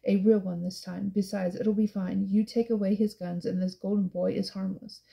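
A woman's voice: mid-range voice, level tone, normal speed, gravelly, dark tone, lightly acted. A woman voicing a blunt, tough young male rebel in an audiobook, urgent and bossy.

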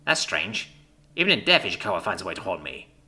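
A man voicing a panicky female alien captain with tentacles, squealing in a high voice. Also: sing-song, quick pace, sharp tone, heavily acted. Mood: dazed.

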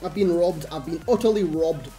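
A man's voice: a little high, normal speed, dark tone, faint music behind. A man, commentating his own video game match in exasperated, self-mocking rants. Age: 30s. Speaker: gaming YouTuber. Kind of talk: live gameplay commentary.

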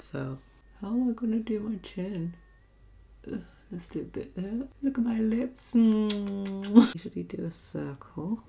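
Giggly woman with a gravelly edge. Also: on the low side, warm tone. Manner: giggly, chatty, often bursting into laughter. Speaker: beauty vlogger. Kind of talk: casual makeup tutorial chat.

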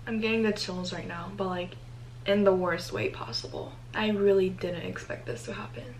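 A teenage girl talking to camera in a casual vlog, anxious and excitable, with many exclamations. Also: medium pitch, normal speed, slight background noise, rough recording. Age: teens. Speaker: vlogger. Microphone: compact camera mic.

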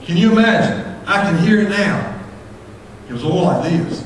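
A man preaching a sermon as pastor, folksy and impassioned, rising to shouts at his peaks. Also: high voice, expressive, normal speed, a little hiss or hum. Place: church sanctuary. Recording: echoey church hall from far off.

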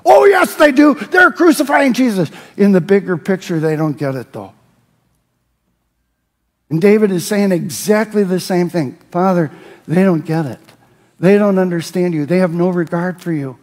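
Pastor, male, high tenor voice, sermon with passionate shouted verses, long church reverb. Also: lively intonation, normal speed. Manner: preaching, rising to shouts on scripture. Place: church sanctuary.

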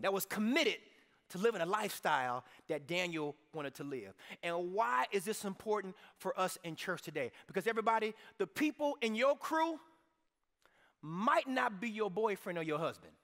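A man preaching a sermon to his church in an energetic, conversational way, now and then rising to a shout. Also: sits high, big-room sound. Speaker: pastor. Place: church sanctuary.

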